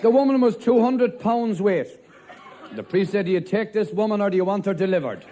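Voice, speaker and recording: With a high-sitting voice and an Irish accent, a stand-up comedian takes on the role of a policeman. His telling is deadpan and story-driven, full of fast one-liners, recorded at a live show with faint crowd noise and laughter.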